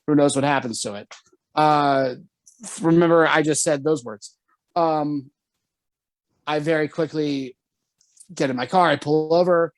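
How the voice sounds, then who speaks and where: A man telling a story on a casual podcast, animated and swearing often, jumping high when quoting himself. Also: a little slow, long pauses, no room sound. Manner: animated, swears often, jumps to high pitch for quoted lines. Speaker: podcast co-host.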